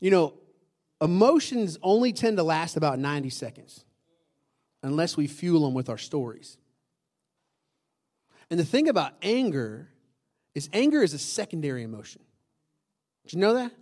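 Guy pastor w a high voice, casual sermon, keeps asking the crowd stuff and repeating lines. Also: very animated, normal speed, pauses often, a little mellow. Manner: conversational, asks the room questions, emphatic repeats.

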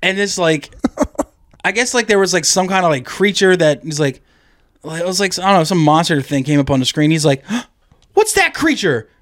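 Man, comedy podcast co-host, profane, rambling stories, fairly high pitch. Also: brisk, fairly bright tone, dry recording, clean studio sound. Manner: profane, rambling storyteller who acts out the people in his stories. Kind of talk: casual comedy podcast chat.

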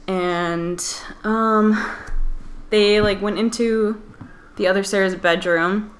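A woman's voice: mid-range voice, fairly even intonation, takes it slowly. A woman co-hosting a podcast, retelling a story in casual chat with lots of fillers. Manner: chatty storyteller, many fillers like "like" and "um". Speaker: podcast co-host.

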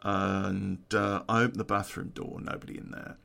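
A man's voice: sits low, little pitch movement, normal speed, vocal fry, bright, forceful tone. A man, telling a true-crime story in a casual, profane way and laughing at his own story.

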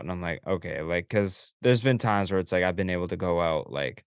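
Lively guy telling stories. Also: sits low, normal speed, clean tone, dry recording, studio quality. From Canada. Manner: animated storytelling, acting out quoted dialogue, frequent swearing. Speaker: podcast co-host. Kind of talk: casual chat.

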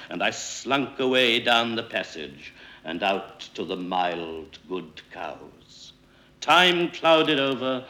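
A man reads a tale slowly and grandly, letting each phrase roll. His voice is bright and forceful, and it rises and falls through a wide, lively range. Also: medium pitch. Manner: rolling, sonorous, deliberate delivery. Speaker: narrator. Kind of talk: dramatic storytelling reading.

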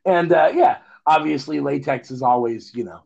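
A man co-hosting a casual podcast, his voice gravelly and sitting a bit high. He rambles and pauses on fillers, restarting his thoughts. The sound is dull and lo-fi, as if picked up through a phone. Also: a little mellow. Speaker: podcast co-host. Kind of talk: casual chat.

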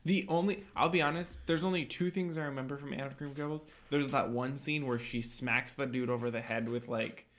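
A man co-hosting a podcast in relaxed casual chat, mostly giving short replies and telling small stories. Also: mid-range voice, a little fast, hardly any pauses. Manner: relaxed, brief back-channel replies. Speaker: podcast co-host.

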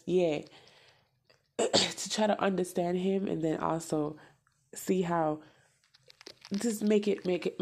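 Gravelly-voiced woman venting bluntly. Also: low-pitched, darkish tone. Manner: blunt, profane, emphatic repetition. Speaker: podcast host. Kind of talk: casual venting monologue.

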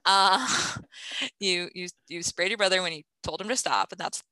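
A woman in her thirties chatting casually in an interview, laughing often and filling pauses with ums. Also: fairly low pitch, pushed and bright, dry recording, rough recording. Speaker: interviewee, gardening parent.

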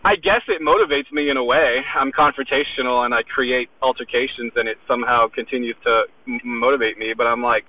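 A man's voice: mid-range voice, fairly even intonation, fairly quick, hardly any pauses. A man giving an aggressive, profane motivational rant, hammering his points with "okay?". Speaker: weights seller. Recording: tinny phone-like recording.

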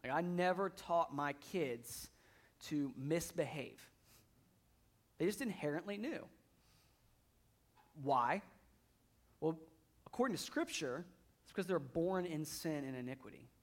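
A man's voice: fairly high pitch, lively intonation, slow, pauses often. A man in his thirties preaching a sermon in a church, conversational, often repeating words as he builds up intensity. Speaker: pastor.

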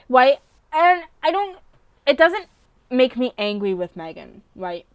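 A young woman hosting a casual solo podcast, talking bluntly and profanely in a rambling rant that jumps between loud outbursts and low mutters. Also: sing-song, unhurried, smooth, no echo. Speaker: podcast host.

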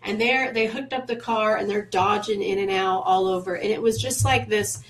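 A woman's voice: mid-range voice, fairly even intonation, moderate pace, poor audio. A woman from Missouri, co-hosting a podcast, recalling a road trip in casual chat and filling in details. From Missouri, USA. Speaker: podcast co-host.

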